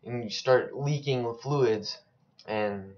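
Over a slightly dull lo-fi mic comes a young man's medium-pitched, somewhat mellow voice, taking things slowly. He's a gaming YouTuber giving casual gameplay commentary, chatting, cracking slang jokes, and rambling between rounds.

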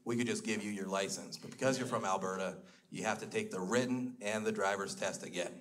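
A man's voice: lowish voice, brisk, a crowd in the background, voice pushed down, lightly acted. A man voicing a sassy, no-nonsense woman DMV clerk in a stand-up bit. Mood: matter-of-fact. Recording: loud noisy live stage recording.

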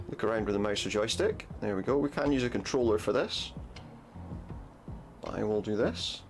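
A man's voice: fairly low pitch, moderate pace, pauses often, faint music behind. A man giving casual gameplay commentary, chatty, with wry, self-mocking asides.

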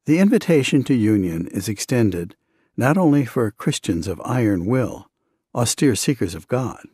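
A man narrating a devotional book in the first person, with a measured, earnest reading. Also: medium pitch, big pitch swings, dark tone, breathy edge, no echo, clean studio sound. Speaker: audiobook narrator.

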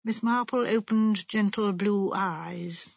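A woman narrating an audiobook in a calm, even reading voice. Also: medium pitch, slow, gravelly, slightly rough, no room sound. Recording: muffled lo-fi.

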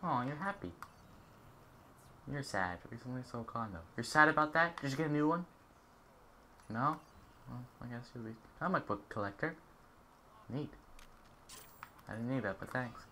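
A man's voice: medium pitch, animated, normal speed, pauses often, bright, forceful tone, a little hiss or hum. A young man giving casual, jokey gameplay commentary and chatting at the game characters. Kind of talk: casual let's-play commentary.

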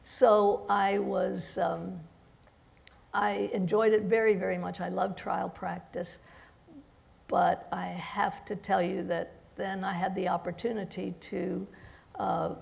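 Slow, gravelly-voiced woman judge. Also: medium pitch, flat delivery, a little mellow. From immigrant to the United States. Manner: halting, many restarts and fillers. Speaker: judge on a panel. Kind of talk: panel discussion.

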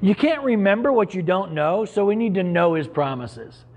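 A man's voice: sits high, big pitch swings, moderate pace, a little mellow. A middle-aged man preaching a sermon as pastor, earnest and conversational, with sudden emphatic rises.

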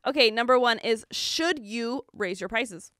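Young american woman podcast cohost, bright crisp voice, dry close mic, super chatty w lots of likes. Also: a little high, animated, unhurried, no echo. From United States. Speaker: podcast co-host. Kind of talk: casual chat.

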